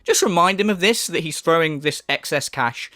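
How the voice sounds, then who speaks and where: A man's voice: fairly high pitch, expressive, moderate pace, sharp tone, no room sound, studio quality. Sarcastic man ranting in commentary. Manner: sarcastic, sweary, laughs at his subject. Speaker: commentary YouTuber.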